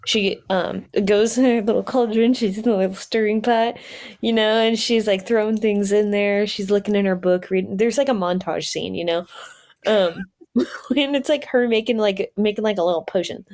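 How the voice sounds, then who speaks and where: A woman's voice: mid-range voice, steady tone, normal speed, darkish tone. A woman podcast host telling an improvised story in a casual, giggly way with many fillers.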